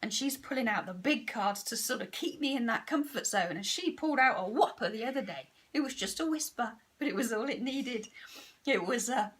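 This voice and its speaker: A woman's voice: on the high side, animated, a little fast, fairly bright tone, slightly rough. A woman, a parent, speaking candidly in a casual vlog monologue, frank and self-deprecating. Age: adult parent. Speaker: vlogger.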